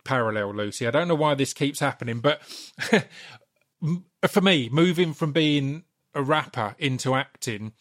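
A man's voice: mid-range voice, animated, moderate pace, a bit bright. A man hosting a podcast, asking long, loose questions and encouraging his guest to keep talking. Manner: encouraging, asks rambling questions. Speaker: podcast host. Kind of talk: casual interview.

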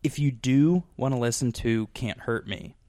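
A man's voice: mid-range voice, normal speed, warm tone, no echo. A man hosting a podcast in casual chat, rambling with lots of fillers and restarts. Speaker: podcast host.

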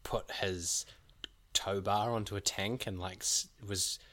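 A man's voice: fairly low pitch, steady tone, takes it slowly, bright, forceful tone. A man co-hosting a podcast in casual chat, laid-back and hesitant, often trailing off. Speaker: podcast co-host.

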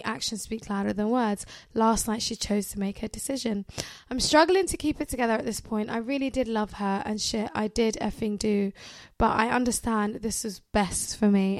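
A woman co-hosting a podcast, reading a story aloud with animated commentary, often laughing and swearing. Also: fairly high pitch, no room sound. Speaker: podcast co-host.

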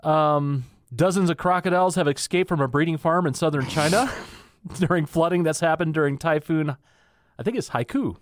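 A man co-hosting a podcast, reading out odd news stories in a relaxed, amused way. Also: a little high, dry recording, studio quality. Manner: laid-back, reads news items with quick laughs. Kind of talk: casual chat.

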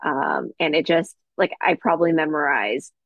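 A woman's voice: sits low, normal speed, vocal fry, no room sound. A young woman with a Southern California accent, co-hosting a podcast in a chatty, casual way full of fillers and restarts. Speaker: podcast co-host. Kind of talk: casual chat. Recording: dry, slightly dull lo-fi audio.

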